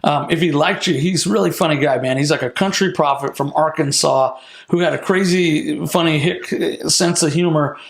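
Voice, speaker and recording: A man, a minister, telling a personal testimony in an animated, casual interview, peppered with "like" and "you know.". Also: on the high side, moderate pace, vocal fry, roomy sound.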